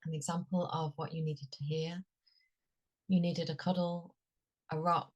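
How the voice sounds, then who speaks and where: Low-voiced woman coaching gently. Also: level tone, muffled recording. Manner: gentle, soothing delivery with frequent "um" pauses. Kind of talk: leading a workshop.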